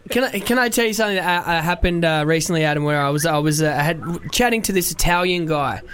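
A man's voice: on the high side, quick pace, a bit bright, clear, resonant tone. A male radio host telling a rambling anecdote with many fillers and laughs. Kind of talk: casual radio chat and anecdote.

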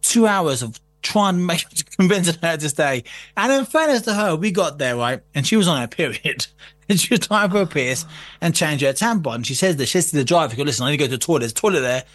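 A man's voice: fairly high pitch, animated, brisk, a bit bright. A man telling a story in casual chat, swearing and laughing as he goes. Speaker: guest.

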